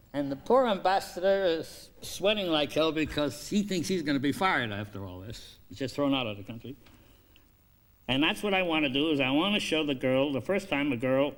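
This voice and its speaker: Male filmmaker pitching a story; energetic, profane, acts out scenes.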